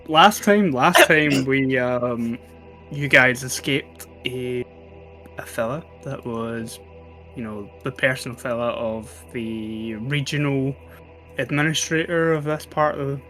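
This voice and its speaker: Slow-talking gm guy, lots of ums, faint music behind. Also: mid-range voice. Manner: relaxed, hesitant with many fillers. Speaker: game master. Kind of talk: recapping a tabletop game session.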